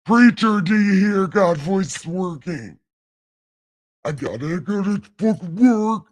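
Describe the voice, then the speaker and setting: Slow, irreverent man reading scripture. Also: fairly high pitch, darkish tone. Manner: irreverent, rambling, stumbling over lines, swearing. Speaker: livestream Bible reader. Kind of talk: casual late-night Bible reading livestream.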